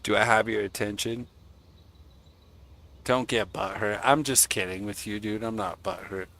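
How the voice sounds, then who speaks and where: A man's voice: fairly low pitch, unhurried, a bit bright. A young man streaming and chatting casually, rambling and joking crudely. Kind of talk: casual chat.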